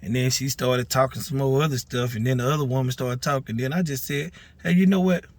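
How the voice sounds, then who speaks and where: A man's voice: mid-range voice, little pitch movement, fast. A man recounts events in casual, unscripted storytelling. He talks with animation, tripping over and repeating words as he works through his account. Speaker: neighborhood mentor recounting a dispute.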